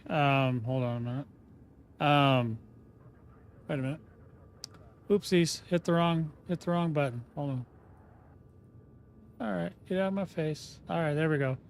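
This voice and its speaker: Slight background noise accompanies this game streamer, whose voice is a little high. He chats casually and rambles, often cutting himself off mid-sentence.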